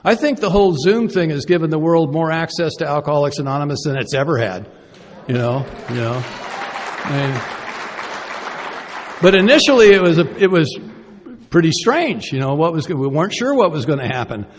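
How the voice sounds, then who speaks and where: Briskly and with lively intonation, a man with a fairly high voice addresses a recovery meeting from a podium, with some chatter and slight background noise behind him. The reverberant conference hall carries his conversational, self-deprecating talk, which is peppered with rhetorical questions to the audience.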